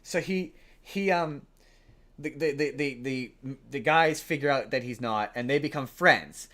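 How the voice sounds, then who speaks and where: A man hosting a podcast, casually retelling a film plot in a rambling, animated way. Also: medium pitch, a little slow. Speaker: podcast host. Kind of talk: casual chat.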